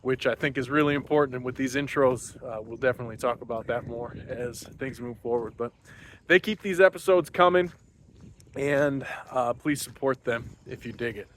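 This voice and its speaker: A man's voice: mid-range voice, moderate pace, fairly bright tone, a little hiss or hum. Slightly winded man talking on a walk. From Wisconsin. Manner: loose, rambling, many fillers. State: a little out of breath. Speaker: podcast host. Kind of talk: casual spoken intro. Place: outdoors on a morning walk.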